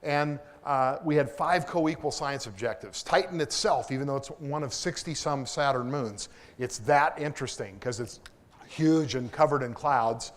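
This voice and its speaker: A man from Kansas gives a public lecture as an engineer. He mixes enthusiastic explanation with self-deprecating humor and quick asides, in a mid-range voice. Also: mid-range voice. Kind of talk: lecture with anecdotes. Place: lecture hall.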